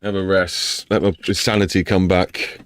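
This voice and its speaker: A man's voice: low-pitched, level tone, measured pace, clear, resonant tone, dry recording, clean studio sound. A man with an English accent chatting casually on a live stream while he builds a game map, rambling and talking to himself and to chat.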